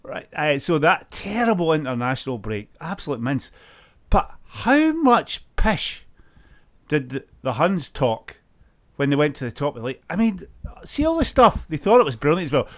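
Joking podcast host. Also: male voice, fairly high pitch, fairly quick. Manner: lively, joking, uses Scottish slang. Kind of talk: casual football podcast chat.

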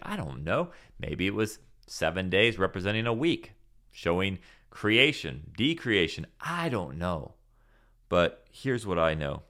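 Low-voiced man preaching earnestly. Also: sing-song, measured pace, bright, forceful tone. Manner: earnest, emphatic, rhetorical questions. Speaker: podcast Bible teacher. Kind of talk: preaching Bible study.

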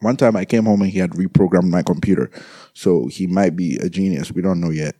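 Subdued grieving young man, low voice. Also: breathy edge, dry recording. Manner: halting, repeats words, speaks quietly. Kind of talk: grieving personal monologue.

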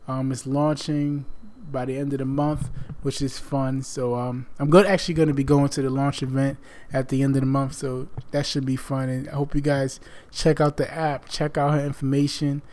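A man's voice: medium pitch, flat delivery, normal speed, hardly any pauses, a little mellow. A man hosting a podcast in casual chat, rambling with many fillers and restarts, and losing his voice. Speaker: podcast host.

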